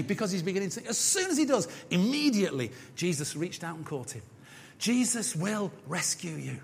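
Animated preacher in a reverberant hall. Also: male voice, high voice, breathy edge. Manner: animated, acts out voices, jokey asides. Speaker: pastor. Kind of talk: sermon. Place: church. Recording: church hall with long reverb.

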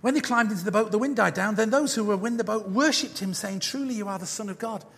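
A man preaching a sermon as pastor, animated, acting out voices, with jokey asides. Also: high voice, fast talker, vocal fry, breathy edge. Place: church. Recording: church hall with long reverb.

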